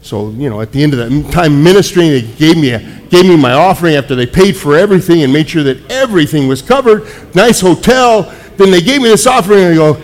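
A man preaching to a congregation, telling personal stories in an animated way with frequent restarts. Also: a little high, brisk. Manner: animated storytelling, many restarts. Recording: echoey hall with long reverb.

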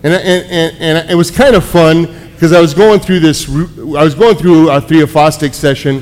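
Animated preacher in an echoey hall. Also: male voice, fairly high pitch, normal speed. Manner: animated storytelling, many restarts. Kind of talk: sermon with personal stories. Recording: echoey hall with long reverb.

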